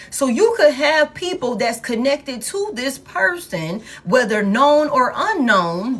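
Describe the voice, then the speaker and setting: A woman's voice: fairly high pitch, slightly rough. Blunt, profane woman reading tarot. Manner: blunt, profane, animated, talks straight to the viewer. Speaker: tarot reader. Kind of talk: casual spoken tarot reading.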